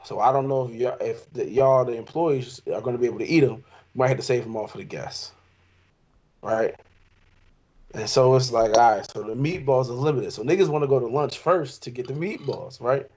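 A young man telling a long, animated story in casual chat with friends. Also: medium pitch, fairly quick. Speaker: podcast co-host. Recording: dull lo-fi sound.

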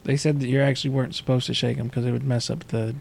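A man's voice: mid-range voice, level tone, fast talker, gravelly, a little mellow, slight background noise. A man in casual podcast chat, mostly giving short replies and jokey interjections. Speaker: podcast co-host.

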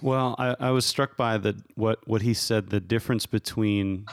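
A man's voice: lowish voice, fairly even intonation, normal speed, no room sound, studio quality. A man co-hosting a casual talk show, thinking aloud and searching for his words. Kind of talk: casual chat.

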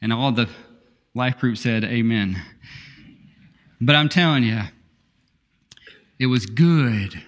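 A man preaching a sermon, reading scripture with laughter and quiet asides. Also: mid-range voice, slow, long pauses, in a large hall. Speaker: pastor.

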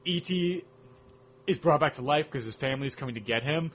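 A man's voice: mid-range voice, fast, fairly bright tone, breathy edge. A man co-hosting a casual film chat, rambling enthusiastically and humming music cues. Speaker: podcast co-host.

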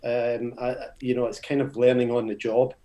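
An older man from Scotland, a football coach interviewed as a guest, talking in a modest, relaxed and reflective way. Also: medium pitch, normal speed. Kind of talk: casual interview chat.

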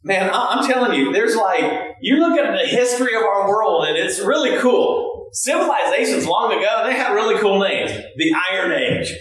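A man preaching a sermon in a high, lively voice, breaking into shouts and laughing asides. He is heard from a distance in a very echoey hall. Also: moderate pace, few pauses. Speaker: pastor.

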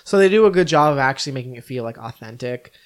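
A man's voice: medium pitch, fast, smooth. Casual male podcast co-host, loose and rambling, full of "like" fillers. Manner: relaxed, rambling, many "like" fillers. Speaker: podcast co-host reviewing films. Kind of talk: casual chat.

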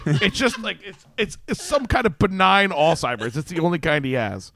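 A man co-hosting a podcast, animated, jumping in with comments and laughing as he talks. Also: high-pitched, normal speed, no echo, studio quality. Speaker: podcast co-host. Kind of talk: casual chat.

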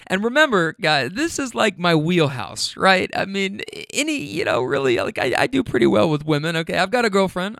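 Young male podcast host, slightly high and smooth voice, loose, profane storyteller, dry close sound. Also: very animated, normal speed, a bit bright, dry recording. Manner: rambling, profane, keeps checking in with listeners. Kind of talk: casual storytelling.

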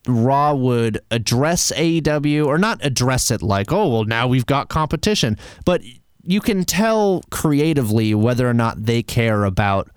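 A man's voice: medium pitch, clear, resonant tone, no room sound, studio quality. A man hosting a solo wrestling commentary show, passionate and argumentative, with sarcastic asides. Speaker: wrestling podcast host.

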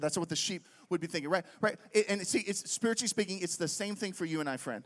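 Young guy preaching a sermon, pretty high voice, lively storytelling, talks to the crowd like friends. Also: fast talker, hardly any pauses. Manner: animated, conversational, keeps asking "right?".

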